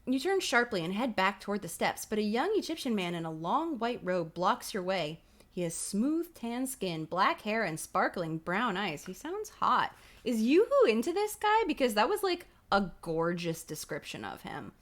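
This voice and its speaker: At home on a streaming mic, a woman hosts a livestream, reading a children's horror book aloud with giggly, playful commentary and casual swearing. Her mid-range voice swings widely in pitch at a normal speed.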